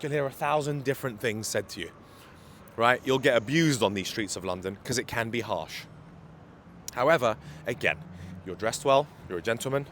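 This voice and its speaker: A dating coach films a walking vlog on a handheld phone along a city street, his mid-range voice a bit bright over slight background noise. He gives advice emphatically, repeating his key points.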